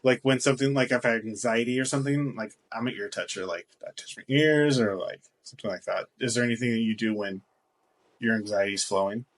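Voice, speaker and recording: A man's voice: mid-range voice, fast. Jokey man co-hosting a chat podcast. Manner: loose and jokey, swears, laughs often. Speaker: podcast co-host. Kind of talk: casual chat.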